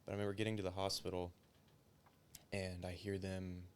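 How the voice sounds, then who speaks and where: A man's voice: low voice, completely flat delivery, fairly quick, slight background noise. A man, a former police officer, recounting a story in a casual interview, swearing often and filling his speech with "like". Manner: profane, filler-heavy storytelling.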